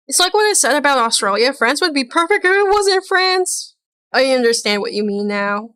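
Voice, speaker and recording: A woman's voice: sits high, sing-song, moderate pace, long pauses, fairly bright tone, dry recording, clean studio sound. A woman streaming a reaction to a video, chatting casually in a rambling, blunt way and swearing now and then.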